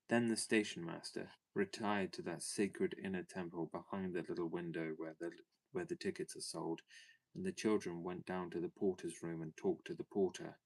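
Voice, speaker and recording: A man reads a classic children's story aloud with measured, clear storytelling. His voice sits very low and steady. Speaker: audiobook narrator. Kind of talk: scripted storybook narration.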